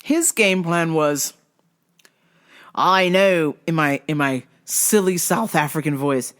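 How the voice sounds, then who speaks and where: A podcast host ranting casually about fights, swearing a lot and getting heated and excitable. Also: slow. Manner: wide, jumpy pitch swings when worked up. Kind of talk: casual solo rant podcast.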